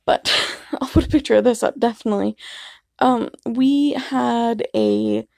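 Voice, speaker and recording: A woman's voice: on the high side, huge pitch swings, a little slow, creaky, mellow, no echo, clean studio sound. A woman in her twenties casually telling rambling, self-deprecating stories to camera, with plenty of fillers. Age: 20s. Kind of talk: casual vlog storytelling.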